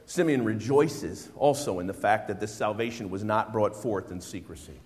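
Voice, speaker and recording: A middle-aged man preaching a sermon, swinging between hushed, reflective passages and loud, exclamatory bursts. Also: fairly low pitch, moderate pace. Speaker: pastor. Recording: long hall reverb.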